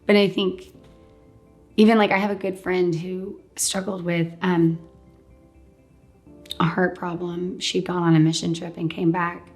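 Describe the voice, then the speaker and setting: A woman casually telling a personal story as an interview guest, animated and quick to laugh, often saying "like" and "um". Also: on the low side, soft background music. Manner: animated, laughs often, acts out what others said; fills speech with "like" and "um". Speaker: guest sharing a healing testimony.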